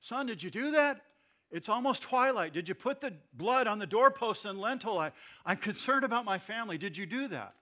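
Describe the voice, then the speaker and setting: Brief: fretful elderly patriarch, acted by a man mid-sermon, raised pitch, pressing questions. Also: lively intonation, brisk, bright, forceful tone. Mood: urgent. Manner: urgent, pressing repeated questions. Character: worried old grandfather, head of household.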